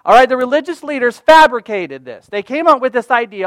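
Guy preaching with a high voice, punches and repeats key lines, goes loud then real quiet, dry close sound. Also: lively intonation, brisk, hardly any pauses, no room sound. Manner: emphatic, repeats key phrases for stress; swings from loud to hushed. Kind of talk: sermon.

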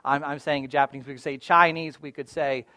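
Preacher, conversational with emphatic swings. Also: male voice, level tone, a little fast, no echo, clean studio sound. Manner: conversational preaching with frequent "all right?" and "right?" check-ins; swings between loud emphatic stresses and quiet low asides. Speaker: pastor. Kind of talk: sermon.

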